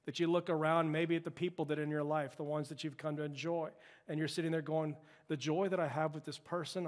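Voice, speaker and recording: A male pastor preaching a sermon with impassioned, emphatic delivery, building to loud peaks. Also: fairly high pitch. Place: church sanctuary. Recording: long church-hall reverb.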